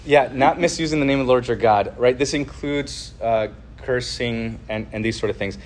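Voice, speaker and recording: A man's voice: medium pitch, moderate pace. A man hosting a podcast, giving an earnest, casual religious teaching full of fillers and restarts. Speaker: podcast host teaching on the Ten Commandments.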